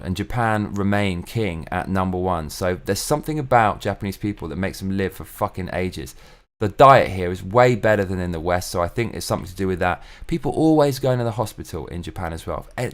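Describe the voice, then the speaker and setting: A young man hosting his own show, talking in a casual solo monologue that is profane, ranting and opinionated. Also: sits low. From England. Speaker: show host.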